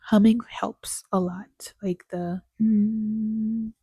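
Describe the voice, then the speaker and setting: A young woman talking candidly to camera in a personal vlog, sad and tired after crying, speaking softly and haltingly with many pauses and near-whispers. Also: mid-range voice, fairly even intonation, breathy edge, no echo, dull audio. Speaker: vlogger and new mother.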